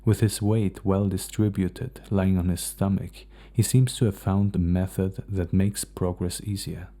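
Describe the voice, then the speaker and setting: A man reads a first-person novel aloud at a steady, measured pace. His voice is very low and gravelly, with a dark, mellow tone. It sounds like a calm audiobook reading. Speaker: audiobook narrator.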